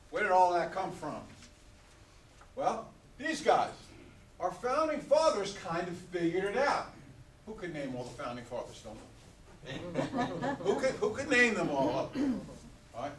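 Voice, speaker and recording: An older man with a New York accent giving an animated, joking motivational talk to students at a school graduation. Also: on the high side. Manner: animated, joking, asks the audience to call back. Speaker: guest speaker at a school graduation. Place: school hall. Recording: echoey hall from far off.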